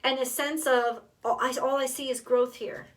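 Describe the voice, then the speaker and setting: A woman's voice: high voice, steady tone, moderate pace, distant mic. A woman doing a tarot card reading, talking straight to the viewer, emotional and blunt, swearing freely. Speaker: tarot reader.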